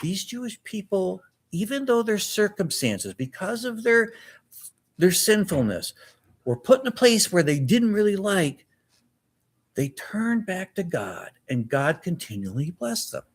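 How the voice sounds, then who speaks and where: A male pastor preaching a sermon in a church, telling the story with animated acted-out dialogue. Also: high-pitched, unhurried, breathy edge.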